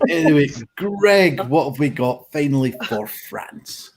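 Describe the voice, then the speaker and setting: A man's voice: fairly high pitch, animated, a little slow. A man hosting an online pun contest with cheery, upbeat banter. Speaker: host.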